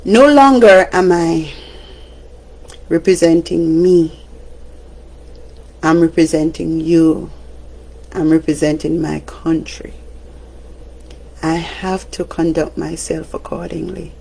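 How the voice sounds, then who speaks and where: Slow Jamaican woman with a gravelly voice. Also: deep voice, fairly even intonation, a little mellow. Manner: chatty, laughs often, breaks into song. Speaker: radio broadcaster. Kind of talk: casual livestream monologue.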